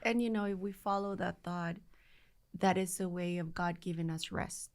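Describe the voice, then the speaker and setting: A woman hosting a conversational interview, soft and affirming as she responds. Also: on the low side, steady tone, moderate pace. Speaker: podcast host.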